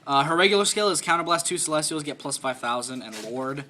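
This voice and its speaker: A young man giving a casual profile of his card game deck, explaining card rules in a quick offhand way. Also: a little high, lively intonation, slight background noise. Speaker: deck presenter. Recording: loud crowd chatter behind.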